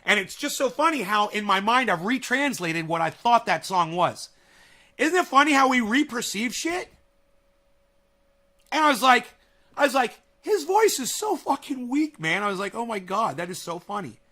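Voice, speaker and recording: Animated man ranting at home. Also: high voice, moderate pace. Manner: animated, profane, excitable storytelling. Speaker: vlogger. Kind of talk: casual rambling monologue. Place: at home, near a kitchen.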